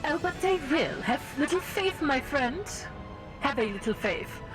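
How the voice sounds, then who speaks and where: A woman voicing a confident, scheming imperial lord in a measured, formal delivery. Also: high-pitched, big pitch swings, music in the background, voice pushed up. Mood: commanding.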